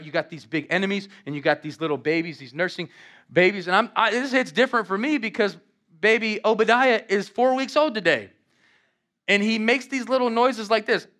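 A male pastor preaching an animated, conversational sermon in a church, acting out quotes from scripture. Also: high voice. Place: church in Las Vegas.

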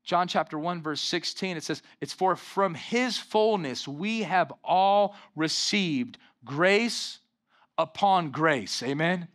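A young adult man preaching with real energy, his voice bright and a little higher than most men's. He keeps checking in with the room for an amen, swinging between quiet, intimate stretches and rising, fervent crescendos. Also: slow pace. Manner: animated preaching with call-and-response "amen". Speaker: pastor. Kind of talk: sermon.

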